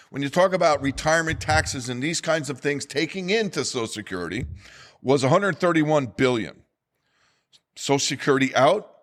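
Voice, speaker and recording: A middle-aged man with a New Jersey accent delivers a solo economics talk, urgent and emphatic. His voice sits a little high for a man, and he hammers home figures by repeating them. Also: a bit bright. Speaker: podcast host.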